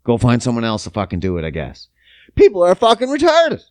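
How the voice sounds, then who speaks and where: Man, podcast host, casual storytelling, lively swooping pitch, dry close sound, lots of swearing. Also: a little fast, dry recording. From Canada. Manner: profane, emphatic, big pitch swings.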